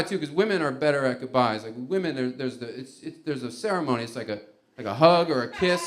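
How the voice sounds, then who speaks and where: A man's voice: on the high side, fairly bright tone. A man doing a stand-up comedy set in a rambling, conversational way, often laughing at his own bits. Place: comedy club stage before a live audience.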